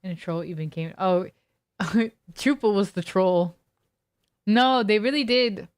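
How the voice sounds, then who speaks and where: A woman's voice: mid-range voice, slow pace, no room sound, clean studio sound. A young woman streaming a video game, chatting casually with her viewers and telling a long, rambling story full of fillers and restarts. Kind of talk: casual chat while gaming.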